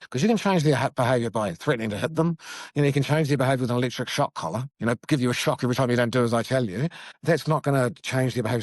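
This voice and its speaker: A middle-aged man explaining child brain development in a lively, conversational way, acting out what parents say. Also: on the low side, dry recording. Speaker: neuroscience educator, guest.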